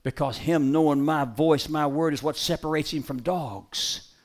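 Before an audience, a man preaches a folksy, emphatic live sermon, trading loud calls for quiet asides and barking brisk commands at a dog. His voice runs a little high.

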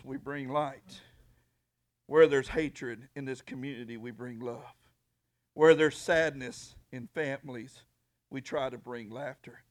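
Fiery high-voiced preacher man. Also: gravelly, fairly bright tone. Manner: fiery preaching with repetition and stammered restarts. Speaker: pastor. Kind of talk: sermon.

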